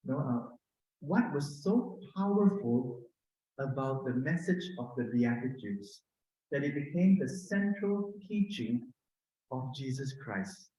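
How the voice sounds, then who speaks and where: A middle-aged man with a Filipino accent gives a conversational sermon in a gentle, personal way, often asking "no?". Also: mid-range voice, expressive, slow pace. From Philippines. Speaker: preacher. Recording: very echoey room.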